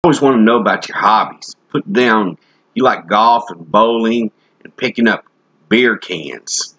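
A man's voice: on the low side, unhurried, pushed and bright, lo-fi sound. A man preaching a comic sermon in a folksy, joking, rambling way.

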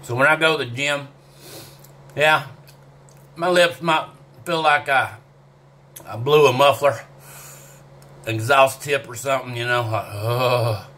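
A man's voice: medium pitch, steady tone, a little slow, pauses often, bright, forceful tone. A man talking casually to the camera in a vlog while his mouth burns and he sweats, drawling, swearing and groaning between bites. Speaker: vlogger eating hot sauce. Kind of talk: casual self-filmed vlog.

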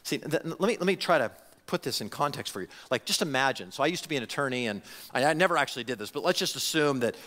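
Animated preaching man in a reverberant hall. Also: mid-range voice, fast talker. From United States. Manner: animated, conversational preaching with repeated restarts. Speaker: pastor. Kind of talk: sermon. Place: church sanctuary.

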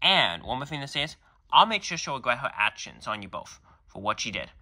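A man's voice: mid-range voice, big pitch swings, brisk, sharp tone, no room sound, studio quality, heavily acted. Man voicing an apologetic upset dad. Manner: exclaiming, apologetic. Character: upset father on the phone.

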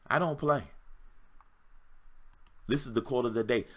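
On a livestream, a relationship coach in his fifties preaches motivation emphatically, going over the same points again and again. His voice is medium in pitch and fairly bright, and he speaks a little slowly.

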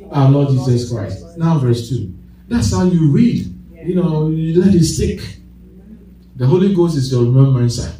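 A man's voice: mid-range voice, warm tone. Preaching man in an echoey hall. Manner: call-and-response preaching, bursts of laughter. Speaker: pastor. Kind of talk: sermon. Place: church. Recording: echoey church hall, distant mic.

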